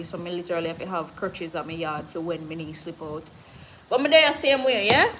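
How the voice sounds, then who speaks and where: A woman's voice: fairly low pitch, fairly bright tone, slight background noise, rough recording. Earnest Jamaican woman, short of breath. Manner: earnest and motivational, switching between patois and standard English. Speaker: livestream host reading viewer comments. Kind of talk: casual live-stream chat.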